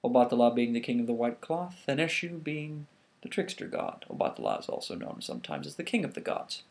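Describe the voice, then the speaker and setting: A man casually telling a myth to the camera, animated, with frequent restarts. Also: mid-range voice, a little fast, vocal fry. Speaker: vlogger. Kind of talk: casual storytelling.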